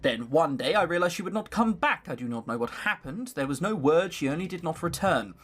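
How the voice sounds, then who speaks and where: A reader voicing a quiet, wistful grown maid in a visual novel, plainly read with no put-on accent. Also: medium pitch, animated, brisk, slightly rough.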